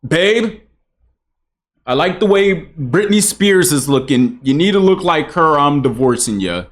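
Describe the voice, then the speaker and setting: A man's voice: a little high, animated, unhurried. A man playing a boastful, crude married man in a scripted skit, talking in a dismissive way. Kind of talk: scripted drama dialogue.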